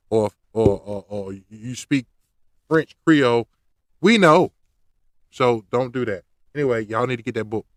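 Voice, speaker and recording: A man's voice: medium pitch, a bit bright, smooth, no room sound, clean studio sound. A man hosting his own podcast, ranting in a loose, slangy way straight at his listeners. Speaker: podcast host. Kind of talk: casual rant to camera.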